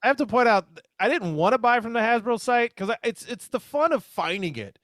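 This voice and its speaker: A man's voice: very high-pitched, animated, fairly quick, a bit bright, no room sound, studio quality. A man co-hosting a casual podcast with a wry, teasing sense of humor. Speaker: podcast co-host.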